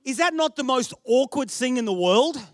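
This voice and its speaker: A man's voice: very high-pitched, expressive, moderate pace, no echo, studio quality. A man with an Australian accent, a pastor preaching a sermon in a chatty, storytelling way with self-deprecating humour.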